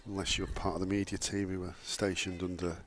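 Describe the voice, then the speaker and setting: A man's voice: sits low, level tone, brisk, a little hiss or hum. A man with a northern English accent commentating on a live cricket match from an outdoor gazebo, chatty and self-deprecating. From northern England. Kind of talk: live sports commentary, casual chat.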